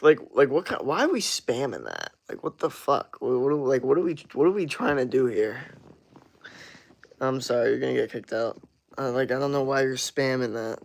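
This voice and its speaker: Fresh from the shower, a twenty-something man hangs out on his livestream, responding to chat and swearing freely in a relaxed manner. His mid-range voice has a sing-song quality and vocal fry, at a normal speed.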